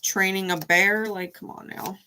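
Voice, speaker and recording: A woman giving a casual tarot reading, blunt and animated, with frequent swearing. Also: mid-range voice, normal speed, background noise. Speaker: tarot reader.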